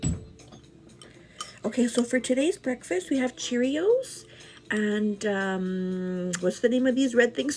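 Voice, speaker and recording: A woman's voice: on the high side, slow, long pauses, soft background music. Chatty woman hosting a morning livestream. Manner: chatty, animated, calls viewers "girl"; greets viewers by name mid-story. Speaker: livestream host. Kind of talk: casual chat while eating breakfast.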